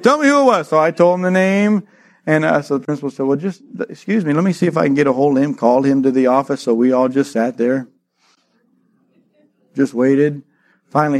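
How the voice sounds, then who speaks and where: A middle-aged man preaching, telling a childhood story with lively acted-out voices. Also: on the high side, a little fast. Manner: animated storyteller, acts out voices, laughs often. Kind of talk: sermon with a personal story.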